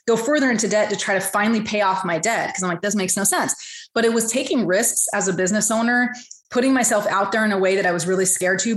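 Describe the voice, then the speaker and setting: Fast-talking animated woman in echoey room. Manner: animated, acts out quotes in high voices. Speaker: podcast guest, financial advisor. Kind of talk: casual storytelling interview.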